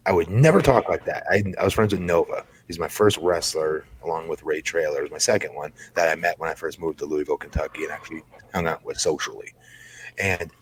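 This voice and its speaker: A man with a very low, breathy-edged voice chats as a podcast guest. He tells his stories in a laid-back way, stretching out his phrases. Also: fairly quick. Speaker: podcast guest, former wrestler. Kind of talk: casual podcast chat.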